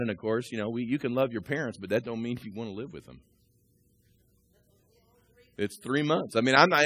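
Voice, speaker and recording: A man in his sixties preaching a sermon, talking through scripture and personal stories and building to loud, rising peaks. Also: medium pitch, breathy edge, no echo. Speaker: pastor.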